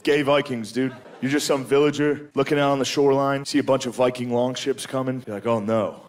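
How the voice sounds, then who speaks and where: A man's voice: mid-range voice, little pitch movement, brisk. A man doing stand-up comedy, crude and profane, chuckling at his own jokes and saying dude a lot. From United States. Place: comedy stage before a live audience.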